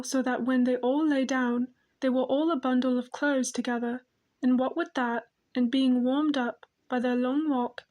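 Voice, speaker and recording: Woman, audiobook narrator, high voice, gentle storytelling.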